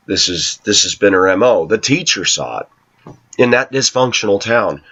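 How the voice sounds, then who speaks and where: A man talking to his viewers in a long personal monologue, aggrieved and telling his side, often clearing his throat. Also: fairly low pitch, animated, normal speed, fairly bright tone. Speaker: vlogger addressing viewers. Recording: slightly dull lo-fi recording.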